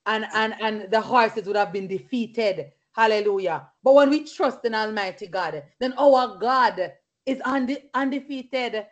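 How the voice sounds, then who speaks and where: A woman whose voice is a little high talks a little slowly as she leads a Bible study like a fervent sermon, including personal testimony. Between points she breaks into hallelujahs and praise; the audio is lo-fi.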